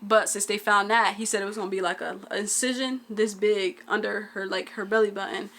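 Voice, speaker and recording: A woman's voice: mid-range voice, steady tone, brisk, fairly bright tone, slight background noise. Casual young woman telling a story. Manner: casual, dialect-heavy storytelling with many "like"s. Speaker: twin vlogger.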